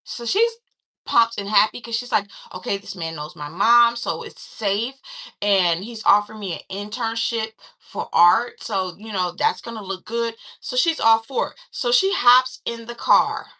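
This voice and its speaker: A woman chatting through a casual movie recap, acting out quoted lines in a lively, conversational way. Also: mid-range voice, measured pace. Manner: chatty, animated retelling with quoted voices. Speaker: film reviewer.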